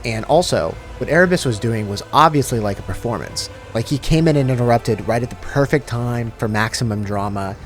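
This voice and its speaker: A man's voice: medium pitch, a little fast, few pauses, soft background music. A young man casually recapping a sci-fi novel in a slangy, profane, rambling way, mixed with read passages. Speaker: lore recap host. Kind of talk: casual comedic book recap.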